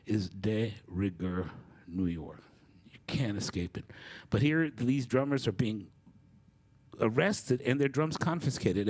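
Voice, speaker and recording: A man's voice: on the low side, a little mellow, breathy edge. A middle-aged man giving a candid, reflective storytelling talk as a faculty speaker. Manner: candid and reflective, with occasional fillers.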